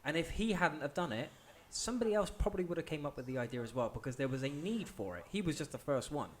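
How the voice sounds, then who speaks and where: A British man making a quick, argumentative point in a podcast discussion. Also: a little high, animated, slight background noise. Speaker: podcast co-host.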